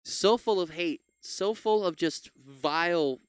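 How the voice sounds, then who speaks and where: A man's voice: sits high, slow, smooth, dry recording, studio quality. A man commentating on video clips, ranting angrily with lots of swearing and stumbling restarts. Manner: heated, profane, ranting with many restarts. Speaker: political commentator reacting to clips. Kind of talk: angry reaction commentary.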